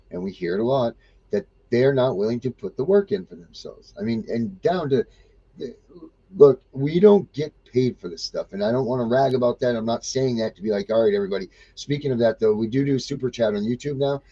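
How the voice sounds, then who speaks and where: A man's voice: lowish voice, warm tone, breathy edge, muffled recording. A man co-hosting a podcast, talking bluntly in a ranting, casual way. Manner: blunt, ranting, mocks others in put-on voices. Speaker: podcast co-host.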